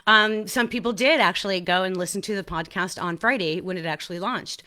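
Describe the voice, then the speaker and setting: A woman hosting her own podcast in a casual, animated solo talk, laughing at herself and often restarting her sentences. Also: mid-range voice, fairly quick. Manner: excited restarts and repeated words. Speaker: podcast host.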